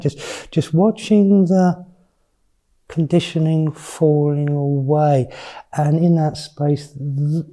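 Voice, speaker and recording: A man's voice: on the high side, steady tone, slow, mellow. A man in his fifties, a mindfulness teacher giving a candid, chatty retreat talk with blunt swearing. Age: 50s.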